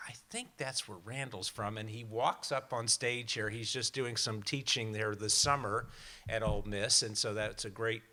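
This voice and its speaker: A man's voice: on the low side, bright, forceful tone. A man in his sixties gives a prepared talk to a live audience, telling stories in a wry way with small hesitations. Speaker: guest speaker. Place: lecture hall before a live audience.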